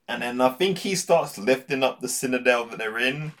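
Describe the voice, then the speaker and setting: A man's voice: mid-range voice, a little fast, few pauses, a bit bright. A man chatting casually, recapping a plot in a rambling way and laughing often as he quotes characters. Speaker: podcast co-host. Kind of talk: casual chat recapping a story.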